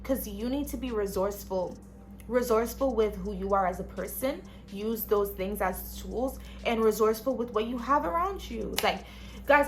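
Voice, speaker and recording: A woman's voice: a little high, a bit bright. A young woman vlogging casually from her small studio apartment, talking frankly and directly to viewers and swearing now and then. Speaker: lifestyle vlogger. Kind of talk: casual self-help vlog talk.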